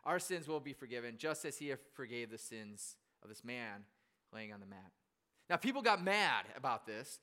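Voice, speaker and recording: A man preaching in a relaxed storytelling style, his voice fairly high and very bright. His tone is clean and smooth as he chats along, self-deprecating and full of easy restarts. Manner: chatty and self-deprecating, with frequent fillers and restarts. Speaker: pastor. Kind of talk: casual storytelling sermon.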